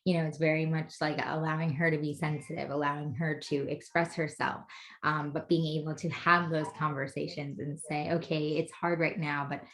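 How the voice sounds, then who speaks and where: A woman in her thirties speaks casually, her voice sitting a little low. She rambles through her thoughts and scatters "you know" everywhere. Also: level tone, normal speed, fairly bright tone. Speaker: guest mother. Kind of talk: casual conversation.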